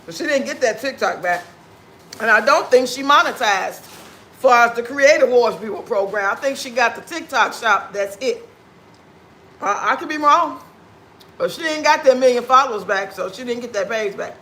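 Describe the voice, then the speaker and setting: A man with a very high, bright, sharp voice hosts a casual livestream chat while he eats. He talks with food in his mouth and answers his viewers with blunt, sassy trash talk. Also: lively intonation, normal speed. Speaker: livestream host.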